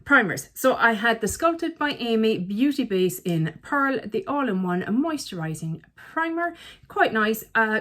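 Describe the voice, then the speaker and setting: A woman's voice: medium pitch, a bit bright. A woman, chatting casually as a beauty vlogger, full of self-mocking asides. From Ireland. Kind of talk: casual chat.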